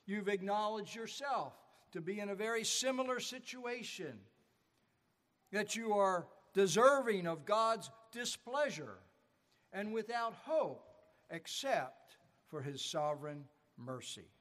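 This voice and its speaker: A man's voice: sits high, expressive, takes it slowly, fairly bright tone. A man preaching a sermon as pastor, telling stories with rising and falling emphasis. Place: church sanctuary. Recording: church sanctuary with long reverb.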